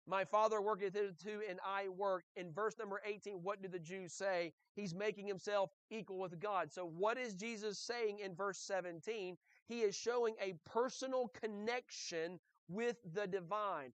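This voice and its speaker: A male pastor delivers a sermon in a fairly high voice, talking conversationally and peppering it with "okay?" and rhetorical questions. The sound is dry and close, with hardly any room echo. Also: fairly bright tone, smooth. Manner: conversational preaching with frequent "okay?" check-ins and rhetorical questions. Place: church.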